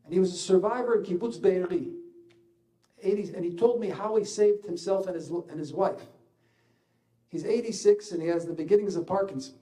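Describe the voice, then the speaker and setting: An older man with an Israeli accent giving a halting, emotional personal speech as an ambassador. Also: high-pitched, mellow. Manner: halting, searching for words, rising intensity in places.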